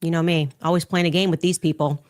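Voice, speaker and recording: A woman's voice: sits low, steady tone, fast talker. A woman commentator reading posts aloud and answering them in a pointed, incredulous manner, played as a clip.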